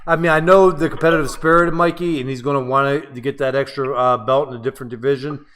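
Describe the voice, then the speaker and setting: A man's voice: medium pitch, fairly even intonation, quick pace, fairly bright tone, slight background noise. A man co-hosting a casual podcast interview, teasing the guest with crude banter. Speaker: podcast co-host.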